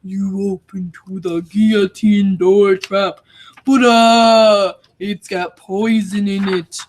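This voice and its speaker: A man's voice: sits high, level tone, slight background noise, pitched above the performer's own voice. A man putting on a mock-dramatic game master voice, drawling out a deadly trap. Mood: mock ominous. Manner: slow, drawn-out, mock-dramatic delivery.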